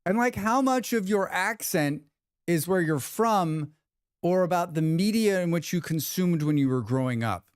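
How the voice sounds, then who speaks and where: An American livestream host chats casually while gaming, rambling and reading out chat messages in a high, animated, smooth voice at a moderate pace. The recording is dry with clean studio sound.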